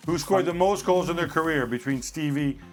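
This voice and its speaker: A man from Italy with a mid-Atlantic English accent, talking as a football pundit in measured, wry panel chat. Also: a little high, a little mellow, soft background music.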